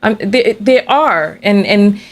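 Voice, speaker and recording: A woman hosting a casual livestream, telling a story in an animated, chatty way and laughing between remarks. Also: medium pitch, slow pace. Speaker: livestream host.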